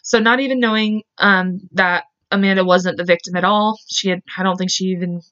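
A woman's voice: lowish voice, fairly even intonation, brisk, fairly bright tone. A woman hosting a true crime podcast, telling the case casually and bluntly, full of "like" and "um". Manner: chatty, heavy use of "like" and "um"; openly emotional and blunt. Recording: slightly dull, lo-fi sound.

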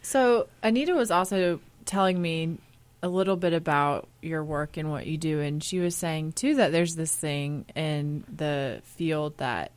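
Woman interviewer, low voice, calm questions, dry close sound. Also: a little slow, few pauses, no echo.

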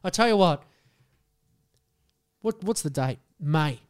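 High-voiced guy, emphatic. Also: expressive, slow pace, clear, resonant tone. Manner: emphatic, swears freely. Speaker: podcast co-host. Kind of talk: casual chat.

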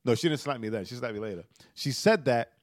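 A man's voice: medium pitch, lively intonation, fast talker, a little mellow, dry recording, clean studio sound. Earnest, emotional man pastor. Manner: earnest storytelling, keeps asking "right?". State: emotional, tearful. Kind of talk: casual podcast conversation.

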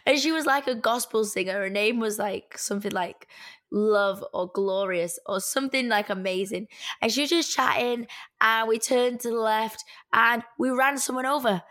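A woman's voice: a little high, normal speed, a bit bright. Woman telling a dramatic story. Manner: dramatic storyteller with gasps and laughs. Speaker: podcast host. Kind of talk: casual chat.

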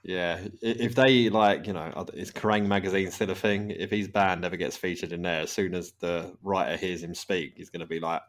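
A man's voice: deep voice, steady tone, a little fast, hardly any pauses. A man hosting a casual podcast chat, rambling and laughing often. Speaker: podcast host.

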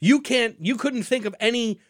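A man's voice: very high-pitched, moderate pace, dry recording, studio quality. A man co-hosting a podcast, arguing heatedly and profanely, cutting in over his partner. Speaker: podcast co-host. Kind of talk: heated casual sports argument. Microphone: podcast microphone.

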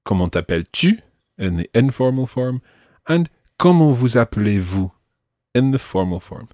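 A man teaching a French lesson, slowly modelling phrases for the listener to repeat. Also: medium pitch, sing-song, dark tone, no room sound, clean studio sound. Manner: slow, carefully enunciated model phrases. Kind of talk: language lesson.

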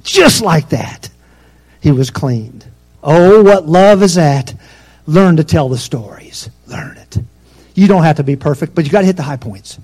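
A pastor preaching a sermon, swinging between loud emphatic peaks and soft, low asides. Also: male voice, expressive, a little slow.

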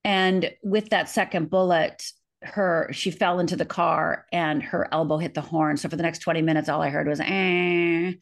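A woman's voice: sits low, fairly even intonation, moderate pace, gravelly. Earnest middle-aged woman telling her story. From Upper Michigan, USA. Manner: earnest, vivid retelling with acted-out quotes. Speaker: author and guest. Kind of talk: interview, personal storytelling.

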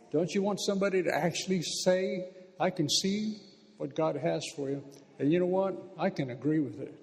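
A man's voice: sits high, darkish tone. A man preaching a sermon into a microphone, emphatic and fervent, with repeated declarations. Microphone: handheld microphone. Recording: echoey hall reverb.

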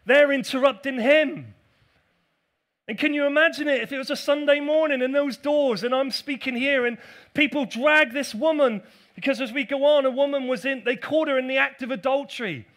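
High-voiced man preaching. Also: moderate pace, a bit bright. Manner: storytelling, playful asides, acts out quotes. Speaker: pastor. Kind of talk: sermon. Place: church before a congregation.

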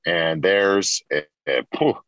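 Low-voiced man telling long stories. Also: slow pace, a bit bright, no room sound, lo-fi sound. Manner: rambling, many restarts and repeats. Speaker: interview guest, former pro hockey player. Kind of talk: casual storytelling interview.

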